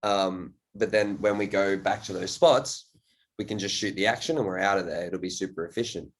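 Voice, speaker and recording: Low-voiced rambling male podcast host. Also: steady tone, a little fast. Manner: rambling, loose, swears freely. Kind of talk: casual podcast chat.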